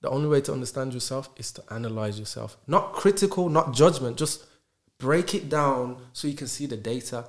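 A man, a podcast guest talking in animated casual conversation and stacking rhetorical questions. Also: medium pitch, fairly quick. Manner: emphatic, rhetorical questions, acts out dialogues.

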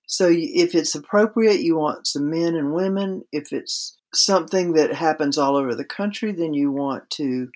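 A woman's voice: low voice, normal speed, hardly any pauses, a little mellow. Woman explaining with practical examples. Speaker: writing instructor guest. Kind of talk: podcast interview.

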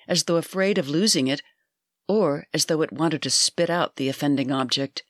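Storyteller, scripted narration, measured delivery, mid pitch, dry close sound. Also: dry recording.

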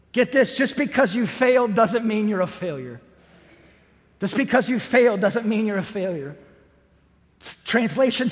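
Male pastor, earnest sermon delivery, higher-pitched, big hall reverb. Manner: earnest, repeats key phrases for emphasis.

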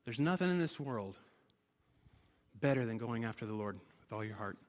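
A man's voice: mid-range voice, animated, moderate pace, long reverb tail. A man preaching a sermon to his church, driving points home with emphatic repeated phrases.

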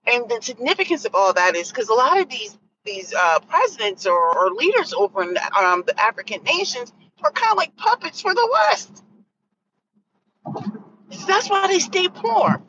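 A woman hosts a casual livestream in a bright, forceful voice, rambling from point to point and catching her own slips as she goes. Her pitch jumps up high whenever she gets worked up. The audio is a little dull and muffled, with a faint hiss behind it. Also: moderate pace. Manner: animated, rambling, corrects herself mid-thought. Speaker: host.

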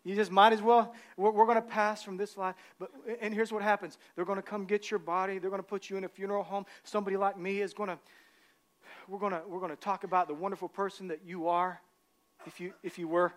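A man preaching a sermon as pastor, telling humorous stories and rising to shouted emphasis. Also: high-pitched, little pitch movement, fast.

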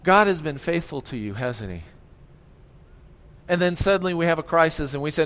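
Male pastor, animated sermon, high voice, long hall reverb. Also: normal speed, pauses often. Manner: animated, asks the congregation questions.

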